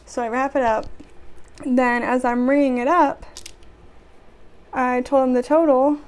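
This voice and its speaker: A woman's voice: sits high, steady tone, a little slow, smooth. A young woman vlogger telling work stories in a casual chat, sarcastic and exasperated, with sighs.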